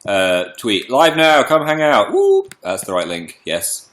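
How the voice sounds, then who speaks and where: A man's voice: fairly low pitch, expressive, measured pace, fairly bright tone, echoey room. A young man casually chatting on a livestream, greeting viewers by name, a little congested from a cold. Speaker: livestream host.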